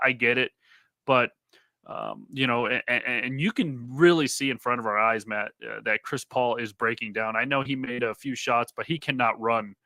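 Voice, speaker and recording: Male co-host talking sports, bright tense tone, dry close recording, casual and hedging. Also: mid-range voice, no echo. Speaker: podcast co-host.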